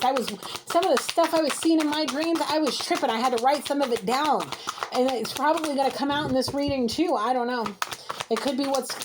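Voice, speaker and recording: A woman's voice: high voice, noisy background. Heated, scolding woman doing a reading. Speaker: intuitive reader. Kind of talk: emotional tarot reading to camera. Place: home, alone with pets.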